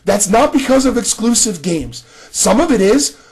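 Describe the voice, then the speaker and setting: Husky-voiced man ranting about games. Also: high-pitched, big pitch swings, normal speed, a little mellow. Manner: conversational, frequent restarts, addresses another creator directly. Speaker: gaming commentator. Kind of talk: casual video response rant.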